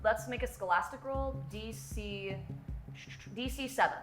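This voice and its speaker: A woman's voice: on the high side, measured pace. A woman narrating a tabletop game as game master, chatty and full of filler words. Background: music.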